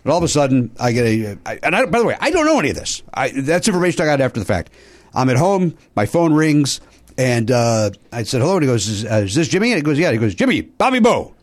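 Rambling comedian host spinning stories. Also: male voice, mid-range voice, big pitch swings, fast. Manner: rambling storyteller with many fillers and restarts. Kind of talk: casual chat, telling anecdotes.

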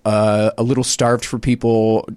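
A man's voice: lowish voice, little pitch movement, measured pace, darkish tone, smooth, no room sound. A man in casual podcast chat, animatedly telling a funny story and briefly mimicking the people in it.

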